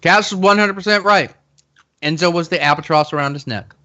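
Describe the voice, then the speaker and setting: A man co-hosting a casual wrestling chat, opinionated and quick to cut in with his own points. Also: fairly high pitch, bright, forceful tone, muffled recording. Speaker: podcast co-host.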